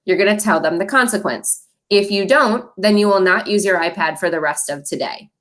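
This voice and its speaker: A middle-aged woman leads a recorded training for parents. She speaks in a friendly, encouraging way, at a middle pitch, and laughs lightly between points. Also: a bit bright.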